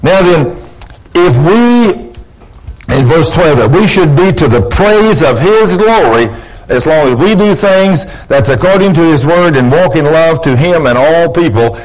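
A preacher delivers his sermon in a folksy, storytelling way. He slips into the voices of his church members as he tells what they said. His pitch is middle for a man. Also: darkish tone, rough recording. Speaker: pastor.

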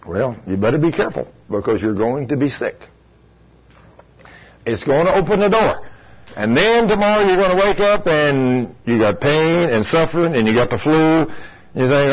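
A man's voice: on the high side, animated, moderate pace. Folksy preacher man on lo-fi radio. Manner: folksy, conversational, asks the congregation questions. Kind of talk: sermon.

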